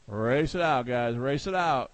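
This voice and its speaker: A man's voice: mid-range voice, expressive, dry recording. A man announcing a live hobby car race, calling lap times, giving instructions to drivers and joking with the crowd. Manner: brisk, joking, calls times and gives instructions.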